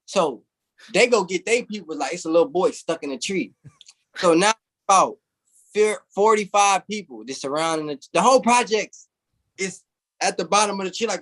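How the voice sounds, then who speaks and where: Guest, male, fairly high voice, loose animated storyteller, slangy, says "bro" a lot. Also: moderate pace. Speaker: interview guest. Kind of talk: casual storytelling.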